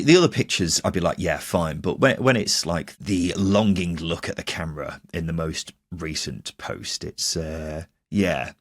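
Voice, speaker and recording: Low-voiced chatty man with a lively pitch. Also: no echo, clean studio sound. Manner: chatty, laughs often, drifts up in pitch when joking. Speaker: podcast co-host. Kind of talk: casual football podcast chat.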